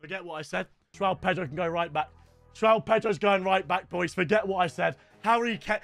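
A young man doing loud, sweary gaming commentary for his viewers. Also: sits high, a little fast, creaky, soft background music. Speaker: gaming YouTuber.

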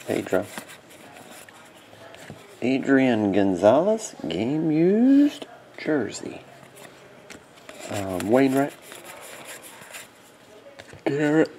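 A man's voice: lowish voice, very animated, creaky, darkish tone, slight background noise. A man hosting a card break, yawning and sleepy with watery eyes, calling out card names casually. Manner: drowsy, yawning, reads card names in quick bursts.

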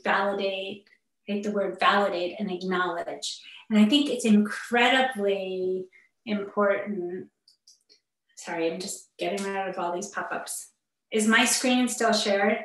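A therapist speaking earnestly and personally to parents in an online talk, with muttered asides, heard over a video call. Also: female voice, mid-range voice. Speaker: therapist giving a parenting webinar. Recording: echoey room, far from the mic.

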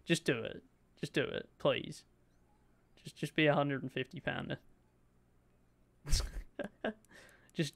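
Excitable streamer, gravelly and smooth. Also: male voice, medium pitch. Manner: excitable, chatty, talks to his chat, swears lightly. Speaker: gaming streamer. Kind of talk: live game commentary.

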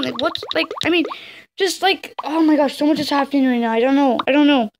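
Excitable high-voiced woman gamer, noisy recording. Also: fast. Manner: excitable, reads choices aloud, frequent exclamations. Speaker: gamer playing a story game. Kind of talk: casual let's-play commentary.

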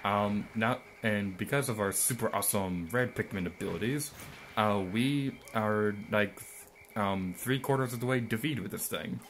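A man's voice: fairly low pitch, normal speed, fairly bright tone, a little hiss or hum. A young man giving rambling, mildly sarcastic let's-play commentary, full of ums and asides. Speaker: gameplay commentator.

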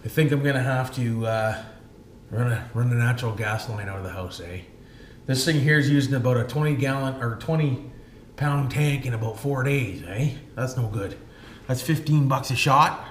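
A man's voice: medium pitch, normal speed. A man from Canada, chatting folksy and casual in a vlog, dropping "eh" and "friggin' right" all the time. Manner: folksy, repeats tag phrases like "eh" and "friggin' right". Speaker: vlogger. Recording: echoey space with faint noise.

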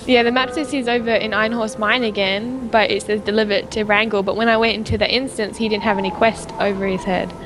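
A woman's voice: mid-range voice, fairly even intonation, fast talker, few pauses, music in the background. A woman joking and giggling with friends while playing an online game together. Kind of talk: casual gaming chat.

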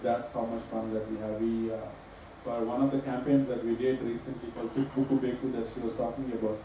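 A man's voice: medium pitch, brisk, a little hiss or hum. A middle-aged man speaks on a panel, telling stories with a sarcastic, joking edge. He is heard from a distance in a strongly echoing hall, and the sound is dull and muffled. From India. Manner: joking, sarcastic, animated storytelling. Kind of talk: panel discussion. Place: large echoey event hall. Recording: echoey hall recording from far off, dull.

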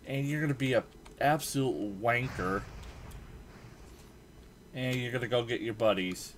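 A man's voice: mid-range voice, measured pace, noisy background. A young man giving casual commentary on his own gameplay, exasperated, groaning and swearing as his team gets beaten. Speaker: gaming channel host. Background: game music and keyboard typing.

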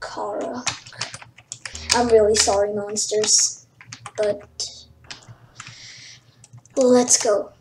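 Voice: medium pitch, little pitch movement, drawn-out words, long pauses, noisy background. A young player giving chatty let's play commentary, apologetic and swearing often. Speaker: gameplay commentator. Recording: roomy echo with game music.

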